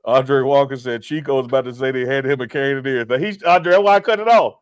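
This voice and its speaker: A man co-hosting a casual live stream, joking and teasing his partner and stumbling over repeated words when he gets excited. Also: medium pitch, fast, clear, resonant tone, dry recording. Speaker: podcast co-host.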